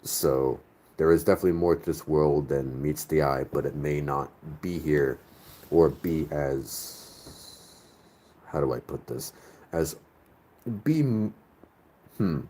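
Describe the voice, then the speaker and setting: A man's voice: very deep voice, warm tone, slightly rough. A man from the northern United States hosting a casual live chat, rambling and searching aloud for his words. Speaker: host. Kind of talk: casual live chat reading viewer comments.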